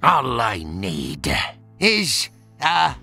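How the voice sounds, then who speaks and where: A man's voice: medium pitch, wildly swooping pitch, very slow, pushed and bright, soft background music, pitched below the performer's own voice, heavily acted. A man voicing a grumpy, scheming male creature who hates Christmas, snarling and growling for a storybook read-aloud. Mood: gloating. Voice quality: gravelly.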